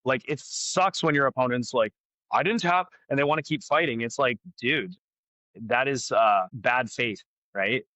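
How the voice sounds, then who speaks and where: A man, a jiu-jitsu black belt and gym owner, talking candidly as a podcast guest and thinking out loud with lots of fillers. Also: medium pitch, moderate pace, no room sound, rough recording. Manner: candid, frank, talks through his thinking with many fillers. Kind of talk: casual podcast conversation.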